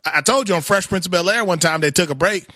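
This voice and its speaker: A male co-host on a casual sports show, animated and quick to poke fun at himself. He tends to stammer when excited. His voice is slightly high and sharply bright. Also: dry recording, clean studio sound.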